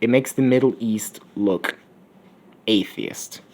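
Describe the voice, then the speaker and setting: A man's voice: lowish voice, slow, darkish tone, a little hiss or hum. A man voicing a brash, cynical young male hero in a Rick-like manner, rambling and crude, recorded on a phone. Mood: ranting. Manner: crude, rambling, coughs between lines.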